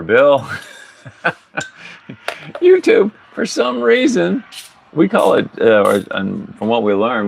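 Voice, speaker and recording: Low gravelly-voiced man chatting on a livestream. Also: fairly bright tone, slight background noise. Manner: rambling, chuckling often. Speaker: podcast host. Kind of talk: casual livestream chat. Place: outdoors at a tiny home under construction, pigs nearby.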